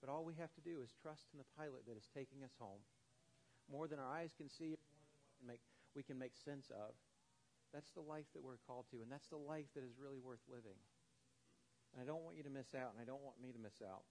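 A man's voice: mid-range voice, a little fast, darkish tone. A man giving a sermon, telling a story loosely with many fillers, then closing with an earnest prayer. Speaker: preacher.

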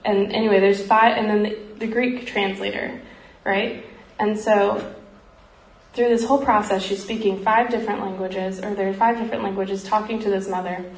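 A woman's voice: mid-range voice, fairly even intonation, moderate pace. Earnest woman telling a story, roomy echo. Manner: earnest, frequent ums, grows emotional. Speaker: speaker sharing a missionary story. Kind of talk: heartfelt storytelling talk. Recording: roomy echo, faint background noise.

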